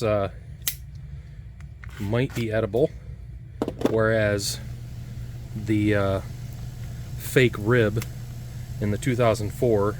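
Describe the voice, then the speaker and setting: A lowish-voiced man reviews old food in a casual taste test, with background noise audible. He's rambling and halting, forever restarting sentences and dropping in fillers.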